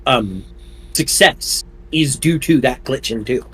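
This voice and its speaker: A man co-hosting a casual gaming podcast, animated and quick to interject with counterpoints. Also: medium pitch. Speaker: podcast co-host.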